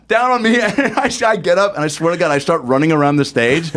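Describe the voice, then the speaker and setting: A man telling an animated comic story on a talk show, acting out voices and laughing as he goes. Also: high-pitched, normal speed, few pauses. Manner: acts out voices in his anecdotes, laughs while telling. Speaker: comedian guest.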